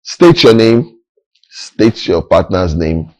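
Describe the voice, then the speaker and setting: A man's voice: low voice, sing-song, takes it slowly, no echo, rough recording. A young man with a Nigerian accent, hosting a TV show with playful, joking banter and lots of fillers. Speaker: TV show host. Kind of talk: casual TV studio chat.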